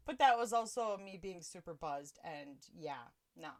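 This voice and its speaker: Woman, podcast host, casual storytelling, animated, frequent laughs, shifting pace. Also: on the low side, unhurried, few pauses. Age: adult with children.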